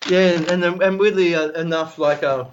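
A man's voice: fairly high pitch, steady tone, brisk, lo-fi sound, a little hiss or hum. A man with an Australian accent, a podcast guest telling rambling stories in casual chat, swearing freely and laughing as he goes. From Melbourne, Australia.

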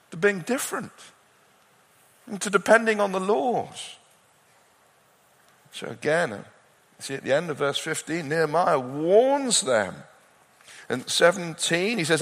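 A male preacher with a fairly high voice, animated and expressive, rising to urgent peaks and dropping to hushed lows. His words ring out with a long reverb from a large hall. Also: a little slow, long pauses. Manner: animated, swings from loud urgency to quiet intensity. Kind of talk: sermon.

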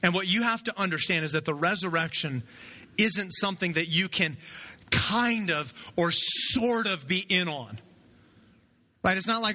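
A man preaching a sermon in a conversational way, often checking in with his listeners with a quick "right?". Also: high voice, pushed and bright. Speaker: pastor.

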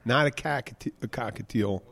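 A man telling loose, meandering stories in a relaxed podcast chat, his pitch sitting right in the middle. He laughs through his own punchlines and circles back to repeat them. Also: a little fast, creaky. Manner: rambling storyteller, laughs through jokes. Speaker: podcast co-host. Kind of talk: casual chat.

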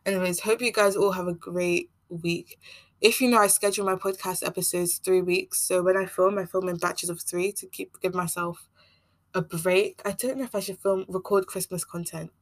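A young Nigerian woman hosts a casual solo podcast, her accent a mix of Nigerian and American. Her voice is lowish with fairly even intonation at a moderate pace, and she rambles chattily, laughing often. The recording is dry.

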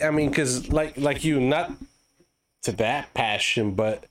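A man's voice: medium pitch, slow pace. A young man hosting a podcast, chatting casually and acting out quoted lines in changing voices. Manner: animated storyteller, acts out quotes in shifting voices. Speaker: podcast host. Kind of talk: casual chat.

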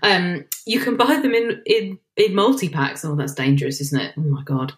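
A woman co-hosting a casual chat, animated and quick to laugh, with plenty of fillers. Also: lowish voice. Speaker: podcast co-host.

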